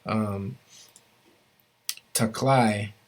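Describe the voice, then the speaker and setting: A man's voice: lowish voice, steady tone, extremely slow. A man teaching a language class, explaining grammar rules step by step and often stopping to restart his phrases.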